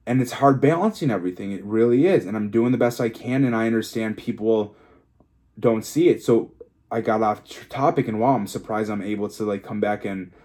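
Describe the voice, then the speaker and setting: A man's voice: fairly low pitch, fairly quick, mellow. A young man talking frankly and emotionally in a solo vlog, rambling, restarting and swearing freely as a fitness coach. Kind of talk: candid solo vlog monologue.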